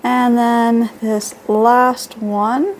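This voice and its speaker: A middle-aged woman with a fairly high voice talks her way through a shopping haul at home. She reads out labels and prices in a chatty, easygoing way. A faint hum sits under her voice. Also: flat delivery, very slow. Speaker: beauty vlogger. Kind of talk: casual product haul.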